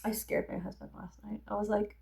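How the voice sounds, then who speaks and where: A woman's voice: mid-range voice, little pitch movement, fairly quick, creaky, darkish tone. A woman in her thirties chatting casually while getting ready, rambling and joking with lots of profanity. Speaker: vlogger. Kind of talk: casual get-ready-with-me chat.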